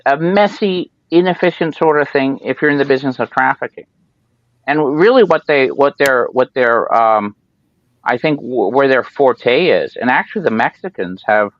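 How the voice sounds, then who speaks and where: A man's voice: mid-range voice, dry recording. A man in casual chat on a podcast, telling rambling stories and acting out the people he quotes. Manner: rambling storyteller, acts out quoted voices. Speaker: podcast host. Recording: dull lo-fi sound.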